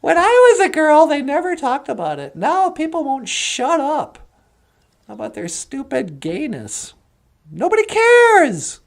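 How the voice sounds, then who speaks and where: A woman's voice: sits high, wildly swooping pitch, unhurried, vocal fry. A woman rambling through a comedic story as a cartoon narrator, chatty and offhand. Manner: chatty and rambling, switching into character voices.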